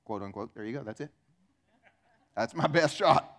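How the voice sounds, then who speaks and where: A man preaching a sermon as pastor, animated, acting out little dialogues in changing voices. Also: on the high side, moderate pace. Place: church.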